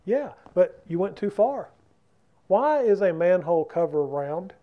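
A man's voice: sits high, sing-song, unhurried, dull audio. A man teaching a Bible study in a church class room, talking conversationally and keeping the group involved by asking them questions.

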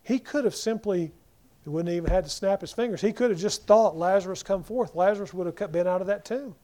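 A man with a high voice preaches a sermon, swinging between loud emphasis and near-whispers. He acts out the people in the scripture passages with quick voices.

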